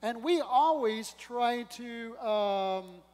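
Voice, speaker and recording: A man with a high, bright voice preaches to his congregation, swelling to loud emphasis and dropping into asides. The sound rings with a long reverb off the walls of a church sanctuary. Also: lively intonation, extremely slow. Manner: preaching with rising emphasis and humor, acting out quotes. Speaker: pastor. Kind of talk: sermon.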